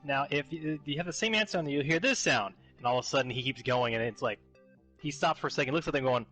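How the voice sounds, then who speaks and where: A man joining a casual podcast chat, telling a story in a relaxed, low-key way. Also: fast, faint music behind.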